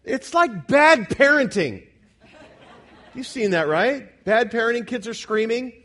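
A man preaching an expository sermon, talking with the congregation, asking them questions and correcting himself, who drops to quiet asides and then rises to loud, shouting emphasis. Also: extremely high pitch, lively intonation, measured pace. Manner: conversational, asks the congregation questions, self-correcting. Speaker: pastor.

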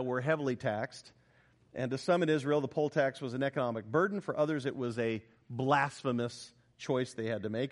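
A man preaching a sermon, emphatic and animated, asking the congregation rhetorical questions as he explains a Bible passage. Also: mid-range voice. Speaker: pastor.

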